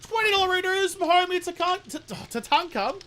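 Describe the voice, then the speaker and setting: A man's voice: very high voice, fairly quick, pushed and bright, slight background noise. A young man chatting casually while streaming a game, swearing freely and answering viewer questions. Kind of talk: casual live-stream chat while gaming.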